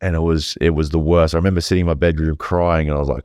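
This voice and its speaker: A man with a very deep voice tells a personal story as a podcast guest. He talks casually, rambles and swears freely. The sound is dry and close, with no room echo. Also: level tone, fast talker, hardly any pauses, a little mellow.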